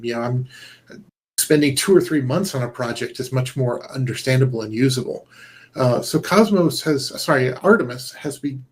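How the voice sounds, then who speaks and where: A middle-aged man, a game developer guest, talking earnestly and rambling, with many fillers and restarts, over a video call. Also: mid-range voice. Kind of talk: casual conversation.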